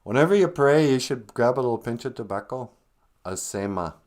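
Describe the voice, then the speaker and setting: Man hosting a livestream, lively pitch, jokey storyteller, middle-pitched voice. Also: a little fast. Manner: joking storyteller, acts out voices. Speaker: livestream host. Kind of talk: casual livestream chat.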